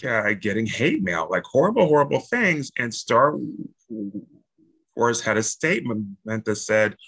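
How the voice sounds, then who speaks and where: Blunt, bright-voiced man chatting. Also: medium pitch, unhurried, husky, poor audio. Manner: animated, jokey and blunt, swears freely. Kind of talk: casual spiritual chat.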